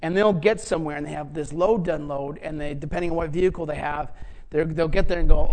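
A middle-aged preacher giving a sermon in a conversational, animated way, often acting out what others said. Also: medium pitch, fast, a little hiss or hum, poor audio. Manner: animated, acts out quoted dialogue; conversational, many fillers and restarts. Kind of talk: sermon storytelling.

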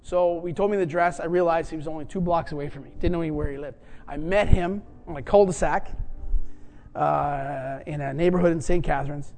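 Animated high-voiced preacher man. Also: fairly quick. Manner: animated storyteller, acting out quoted voices. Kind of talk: sermon storytelling.

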